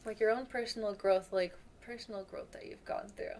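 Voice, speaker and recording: A woman's voice: mid-range voice, steady tone, a little fast, darkish tone. A woman hosting a podcast from home, chatting enthusiastically in casual conversation, her sentences full of fillers. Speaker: podcast host.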